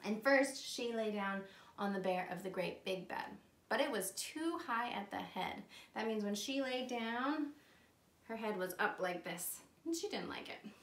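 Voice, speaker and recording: A woman teacher telling a story to young children, animated, with gasps and dramatic whispers. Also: fairly high pitch. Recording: roomy echo.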